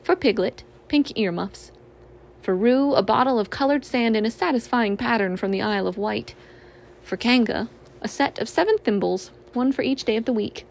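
A woman gently and expressively reading a children's storybook aloud. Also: on the high side, normal speed, vocal fry.

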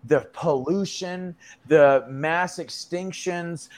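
A man as a podcast guest, telling a story in a loose, slangy way with many fillers and some swearing. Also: a little high. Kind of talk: casual storytelling.

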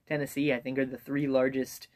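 A man's voice: medium pitch, little pitch movement, fairly quick, darkish tone. A man hosting a podcast in a casual, joking, rambling chat full of fillers. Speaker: podcast host.

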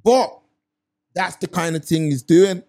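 A young man co-hosts a casual chat show, talking through his points with everyday examples. His voice is mellow and warm, pitched a touch high for a man. He sounds relaxed and easygoing. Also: unhurried. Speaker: podcast co-host.

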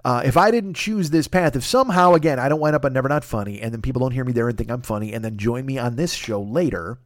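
A man's voice: mid-range voice, fast, no room sound, studio quality. A man in his fifties, a podcast host, riffing in a casual, profane comedic monologue and acting out his own asides. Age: 50s.

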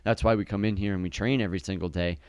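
Upbeat coach, deep smooth voice, slight lisp. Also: male voice, steady tone, racing, a little mellow, no room sound, studio quality. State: slight lisp from a sore tongue. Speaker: fitness coach and podcast co-host. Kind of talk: casual podcast chat.

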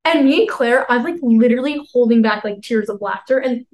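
A twentysomething podcast co-host spins a rambling, casual story, peppering it with "like" and acting out quotes. She talks fairly quickly in a higher voice with a darkish tone, over a rough recording.

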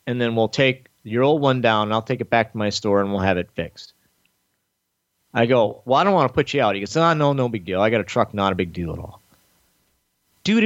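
On a muffled recording with no echo, a podcast host tells a long story in casual chat. He swears a lot and acts out other people's lines with big jumps in pitch, keeping the storytelling profane and animated.

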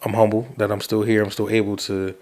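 A man's voice: lowish voice, flat delivery, brisk, a little mellow. A man hosting a podcast, telling a rambling, profane story. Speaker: podcast host. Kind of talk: casual rant.

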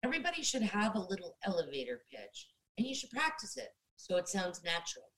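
A middle-aged actress talking casually as an interview guest, giving direct career advice and speaking straight to listeners as "guys". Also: female voice, mid-range voice, big pitch swings, brisk, a bit bright, poor audio.

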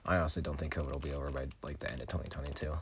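A man's voice: extremely low pitch, level tone, rapid-fire, a little hiss or hum. A young man co-hosting a casual podcast, rambling with lots of "like" and "bro" and laughing often. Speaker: podcast co-host. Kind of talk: casual chat.

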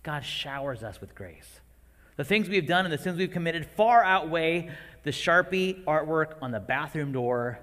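A man in his forties preaching a sermon to parents, animated and acting out his own outbursts. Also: on the high side, unhurried. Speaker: pastor. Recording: long hall reverb.

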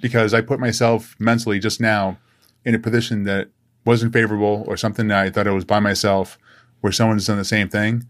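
A man's voice: lowish voice, level tone, a little fast. A man hosting a podcast interview, engaged and asking summarizing questions. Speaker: podcast host. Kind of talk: conversational interview.

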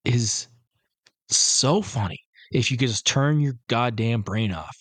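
A man's voice: mid-range voice, lively intonation, slow, a bit bright, breathy edge, no echo. A man co-hosting a podcast, chatting casually about movies, rambling and swearing, acting out scenes as he goes. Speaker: podcast co-host. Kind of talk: casual profane movie chat.

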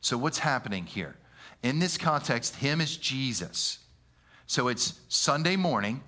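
A man preaching a sermon in an animated, conversational way, using slang and often stumbling over repeated words. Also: medium pitch, measured pace. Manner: animated, conversational, with slang and frequent stammered restarts.

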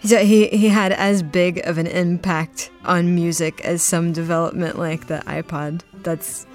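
A woman's voice: lowish voice, fairly even intonation, a little slow, darkish tone, soft background music. Upbeat chatty woman podcast host. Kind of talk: casual interview and show sign-off.

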